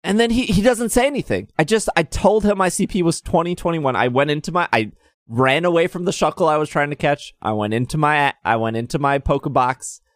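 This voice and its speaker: A man's voice: fairly high pitch, fairly quick, no echo, studio quality. A man casually telling a story on a podcast, acting out the other people's lines in raised voices. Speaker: podcast co-host.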